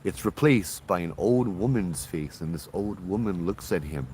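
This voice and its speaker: Deep-voiced man telling a ghost story. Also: moderate pace, a little hiss or hum. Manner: relaxed, chatty, acts out quoted voices.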